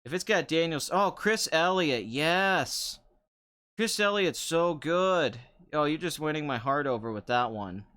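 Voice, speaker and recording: A man's voice: fairly high pitch, expressive, unhurried, bright, forceful tone, clean tone. A young man hosting a casual chat show, answering viewer comments in a sarcastic, rambling way and laughing often. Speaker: podcast host.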